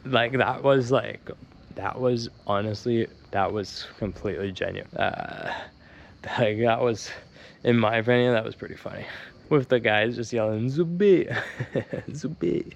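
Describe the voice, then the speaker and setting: A man's voice: fairly low pitch, steady tone, normal speed, gravelly, lo-fi sound, a little hiss or hum. Young guy rambling and joking into an action cam outside at dusk, faint crickets in the background. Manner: rambling, joking, talks to the camera. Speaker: travel vlogger. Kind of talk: casual vlog talk to camera. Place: outdoors on hillside streets at dusk. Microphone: handheld action camera.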